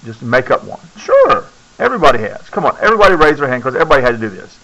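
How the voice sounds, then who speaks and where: A man's voice: medium pitch, sing-song, racing, bright, forceful tone, muffled recording. A male science teacher lecturing a classroom, keeps checking in with "okay?" and coaxing students to speak up.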